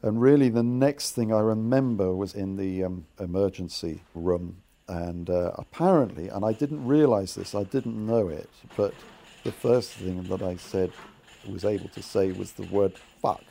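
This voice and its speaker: A playwright in his fifties gives personal testimony, his speech halting as he stumbles and searches for words. His voice is lowish and mellow, with vocal fry.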